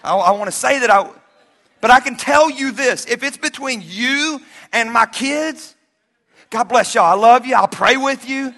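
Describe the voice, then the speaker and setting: A man in his forties preaching a sermon, telling personal stories with animated swings between shouts and hushed asides, joking with the congregation. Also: very high voice, measured pace. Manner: jokey and conversational with the congregation.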